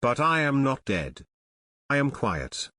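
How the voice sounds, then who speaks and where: A man reading the lines of a gentle small boy prince from another star, in a calm, plainly worded way. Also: medium pitch, slow, dry recording, studio quality, full character voice. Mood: quiet.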